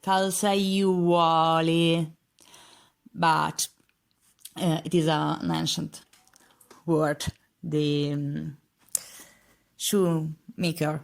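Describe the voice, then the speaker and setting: A woman with an Italian accent teaching a beginners' lesson, slowly repeating each word several times. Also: sits low, little pitch movement, vocal fry.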